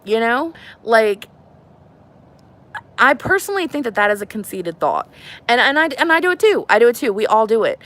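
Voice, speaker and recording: A woman's voice: fairly high pitch, very animated, normal speed, a bit bright. A woman in her thirties hosting a heartfelt live stream about faith, talking earnestly and rambling a little, with lots of "like" and "you know" as she answers viewers. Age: 30s. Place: on a porch at home.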